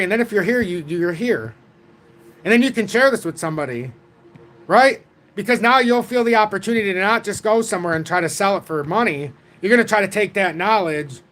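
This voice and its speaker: A man in his forties hosting a casual livestream about crypto charts, talking in an excitable, rambling way from home. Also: high voice. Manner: rambling, excitable, self-taught trader talk.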